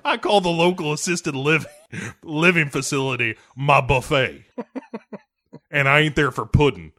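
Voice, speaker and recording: A man's voice: a little high, lively intonation, moderate pace, sharp tone. A man co-hosting a casual comedy podcast, narrating a movie plot with crude jokes and frequent laughter. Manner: crude, laughs often, narrates scenes and quotes characters. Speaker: podcast co-host.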